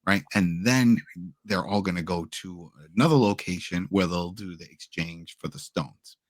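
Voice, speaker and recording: A man's voice: low-pitched, normal speed, no room sound. A man co-hosting a TV recap podcast, retelling scenes casually, acting out quotes and laughing often. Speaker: podcast co-host.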